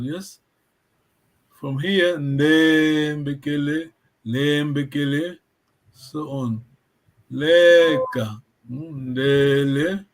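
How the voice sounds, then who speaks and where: Patient male tutor on a video call, unhurried delivery, voice a touch high. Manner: patient, keeps checking that students follow. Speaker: language teacher. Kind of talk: online language lesson.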